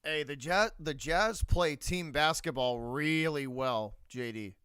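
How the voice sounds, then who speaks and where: A man's voice: a little high, slow, smooth, dry recording. A man with a Boston accent hosting a live sports reaction stream, talking bluntly and repeating his points. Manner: blunt, repeats himself, shouts out viewers. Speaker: livestream host.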